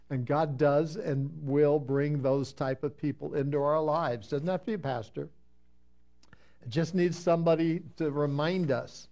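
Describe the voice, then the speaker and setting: A man preaching a Bible-teaching sermon, reading scripture slowly with emphasis and then explaining it in a conversational way, sometimes answering his congregation. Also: fairly high pitch, dark tone. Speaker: pastor.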